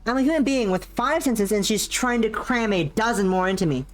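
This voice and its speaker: A streamer reading as a cocky young woman pilot from a sci-fi visual novel, blunt and taunting, lobbing jabs at her rival without a second thought. The voice sits a touch higher and livelier than the reader's own. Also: expressive, a little fast, faint music behind, lightly acted. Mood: queasy, snappish. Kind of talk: visual novel dialogue read aloud.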